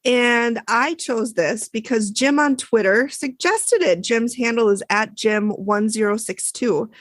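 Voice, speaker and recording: Chatty high-voiced woman co-host. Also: unhurried, no room sound. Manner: animated storytelling, acts out quoted people. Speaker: podcast co-host. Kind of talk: casual chat.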